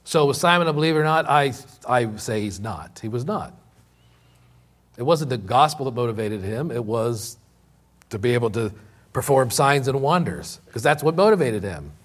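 A man preaching a sermon, stressing key points by repeating them, slowing down on important words, with some fillers and restarts. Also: mid-range voice, animated. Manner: repeats key lines for emphasis, with many slow, drawn-out words. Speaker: pastor.

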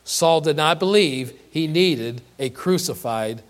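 A man's voice: a little high, animated, takes it slowly. A man preaching a sermon, earnest and emphatic, often repeating and restarting words and asking rhetorical questions. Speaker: pastor.

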